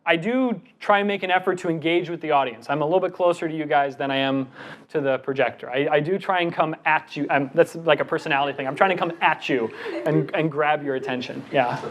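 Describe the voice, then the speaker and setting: A man's voice: a little high, a little hiss or hum. Upbeat man quizzing a class. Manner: upbeat, quizzing the audience, quick. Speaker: presenter coaching students. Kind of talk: interactive workshop talk.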